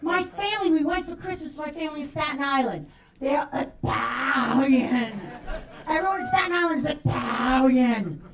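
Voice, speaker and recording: High-pitched lady doing crude stand-up, roomy club, crowd loud behind her. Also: expressive, moderate pace, gravelly, far from the mic. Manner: brash, profane, acts out quoted voices. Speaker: stand-up comedian. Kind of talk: stand-up set. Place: comedy club stage.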